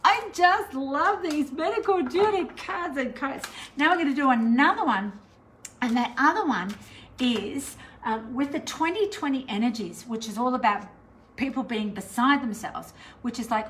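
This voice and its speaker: A woman's voice: high-pitched, animated, moderate pace, slight background noise, poor audio. Chatty Australian woman teaching to camera. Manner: chatty, meandering, warm and encouraging with many fillers. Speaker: spiritual teacher.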